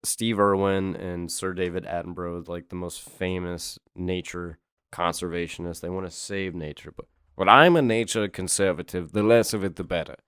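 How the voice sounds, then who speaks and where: A man with a very low voice tells stories with a deadpan, joking edge. His podcast mic sounds dry and close, with no room around it. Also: moderate pace, hardly any pauses, clean tone, dry recording. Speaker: comedian guest, teacher. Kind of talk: casual comedic chat.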